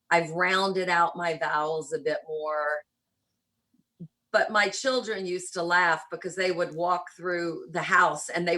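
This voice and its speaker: A woman around sixty from rural Kentucky with a faint Southern accent, telling stories as a guest in an interview, shifting between quick runs and slow, deliberate phrases. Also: fairly low pitch, sharp tone, low-quality recording. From rural Kentucky, USA. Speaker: guest, church planter. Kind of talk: conversational interview storytelling.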